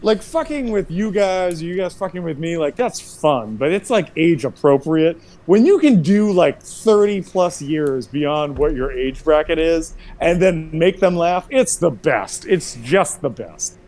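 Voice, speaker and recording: A young man spins a profane, animated story for his friends in a lively voice that swings widely in pitch. He breaks into high, exaggerated voices when he quotes other people. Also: measured pace, hardly any pauses. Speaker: player chatting before a tabletop game session. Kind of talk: casual storytelling chat.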